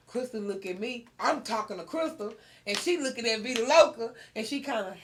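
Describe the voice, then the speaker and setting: A woman hosting a podcast, telling a story in casual chat, animated and laughing often. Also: high-pitched, moderate pace, noisy background. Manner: animated storyteller, laughs often, gets loud when excited. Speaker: podcast host.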